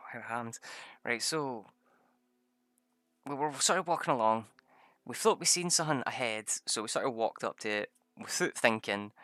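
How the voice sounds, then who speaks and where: A young man casually recounting a tabletop game session, animated, swearing a lot and laughing as he talks. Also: no room sound. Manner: animated, swears a lot, laughs often, jumps into high excited bursts. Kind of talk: casual storytelling.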